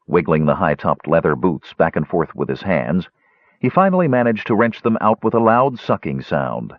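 A man narrating a fantasy audiobook in an expressive, measured storytelling voice. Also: low-pitched, no room sound. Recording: dull lo-fi, dry audio.

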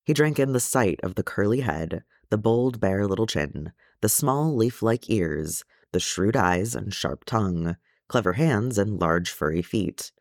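A man narrating a fan fiction audiobook in a measured, gentle storytelling way. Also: on the low side, animated, no room sound, studio quality. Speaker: audiobook reader.

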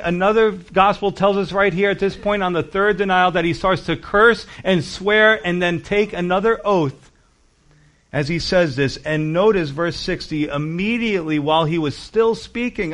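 Animated New preacher man. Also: sits high, moderate pace. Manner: animated storytelling with acted-out voices and big swings in loudness. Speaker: pastor. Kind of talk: sermon.

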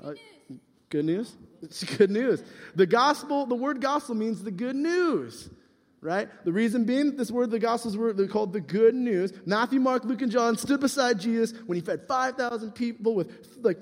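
A man's voice: very high-pitched, expressive, normal speed. A young man giving a playful youth sermon as pastor, teasing and quizzing his listeners. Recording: reverberant hall.

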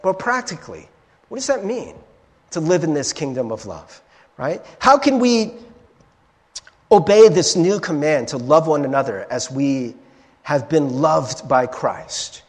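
A man's voice: on the high side, measured pace. A male pastor preaching a sermon in a conversational way, often checking in with "right?". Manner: animated and conversational, keeps asking "right?". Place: church sanctuary. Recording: long reverb of a large hall.

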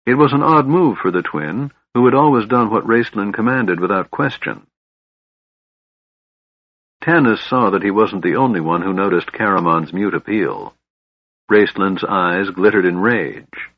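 Low-voiced man reading fantasy narration. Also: animated, unhurried, husky, dry recording. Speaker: audiobook narrator. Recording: dull, lo-fi sound.

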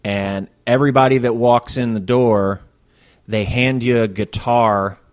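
A man's voice: mid-range voice, steady tone, a little slow. A man co-hosting a podcast, telling a story casually and swearing as he goes. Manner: profane, wry storyteller. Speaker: podcast co-host. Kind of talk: casual chat.

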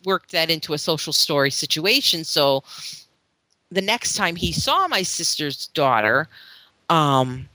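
Low-voiced, bright-toned rambling woman. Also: big pitch swings, unhurried, no echo. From Florida. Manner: rambling storytelling, acts out quoted voices. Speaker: podcast co-host. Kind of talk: casual chat.

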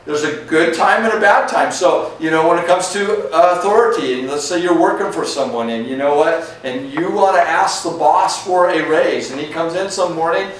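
A male pastor teaching through scripture in a relaxed, conversational way, often pausing to ask "right?" or "okay?". His slightly raised voice carries through an echoey sanctuary and is picked up from some distance away. Faint background noise sits under the speech. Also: a little high. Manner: conversational, frequent "okay?" and "right?" check-ins. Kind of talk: verse-by-verse sermon.

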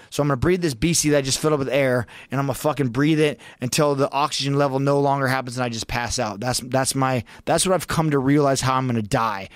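A man's voice: medium pitch, dry recording. Swearing man telling a tense story. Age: adult with a young child. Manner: profane, urgent and emphatic, voice rising sharply at peaks. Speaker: podcast guest. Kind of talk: intense storytelling in a long-form podcast.

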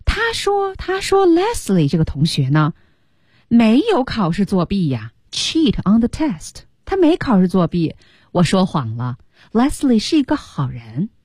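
A woman radio teacher explaining an English story line by line, lively and coaxing. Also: mid-range voice, unhurried, husky, no echo, clean studio sound. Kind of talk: language lesson explaining in Mandarin. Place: broadcast studio.

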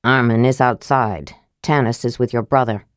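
A woman voicing a stern, honorable male knight in an audiobook, speaking formally and gravely. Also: rumbling low, fairly even intonation, moderate pace, no room sound, studio quality, pitched below the performer's own voice. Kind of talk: audiobook character voice.

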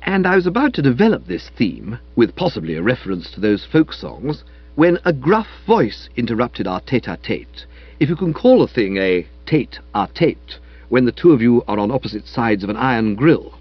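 Man reading a funny novel, husky, pitch all over the place, dry dull sound. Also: moderate pace, dry recording. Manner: wry, lively, storytelling. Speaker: audiobook narrator. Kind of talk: comic novel read aloud.

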